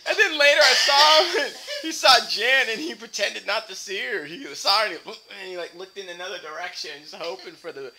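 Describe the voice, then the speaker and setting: A woman recounting a shared incident in casual family chat, expressive and often laughing. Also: mid-range voice, fairly quick, hardly any pauses. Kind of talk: casual storytelling.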